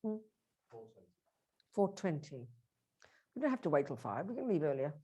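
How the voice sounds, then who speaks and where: A woman's voice: low-pitched, sing-song, moderate pace, dark tone, husky, muffled recording. A woman teaching a Buddhist workshop, speaking emphatically and directly to her audience.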